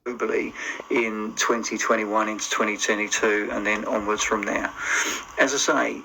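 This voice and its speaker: A man's voice: fairly low pitch, level tone, normal speed, pushed and bright, a little hiss or hum, poor audio. A man talking to camera as a commentator, careful and emphatic, hedging his claims. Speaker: social media commentator.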